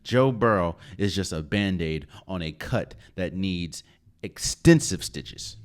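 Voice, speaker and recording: Low-voiced man with animated delivery. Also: slow pace. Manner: opinionated, emphatic, with sudden loud rises and quiet asides. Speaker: podcast host. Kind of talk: solo sports commentary podcast.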